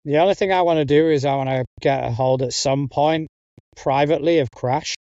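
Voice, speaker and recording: A man in a tabletop game speaks sternly in character, lecturing another player. His voice sits a bit high. It comes through dull, dry online call audio. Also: a little fast, mellow, no room sound.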